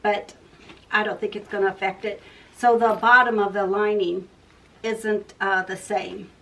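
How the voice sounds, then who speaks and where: A woman's voice: mid-range voice, flat delivery, measured pace, a bit bright. An older woman, hosting a casual sewing vlog and rambling from one thought to the next. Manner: rambling, chatty, loses her train of thought. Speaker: sewing channel host. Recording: voice a bit far from the mic.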